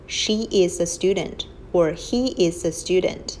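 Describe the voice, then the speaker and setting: Slow patient woman teaching characters. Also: medium pitch, fairly even intonation, darkish tone, a little hiss or hum, low-quality recording. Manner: patient, explains step by step, models tones aloud. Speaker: Chinese language teacher. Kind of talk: slow whiteboard lesson narration. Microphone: phone screen recording.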